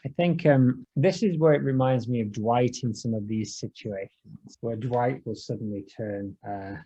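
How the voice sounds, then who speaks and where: A man chats casually as a podcast co-host, his voice husky and mellow. He reads scene descriptions in a dry, deadpan way. The recording is dull and dry. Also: medium pitch, normal speed.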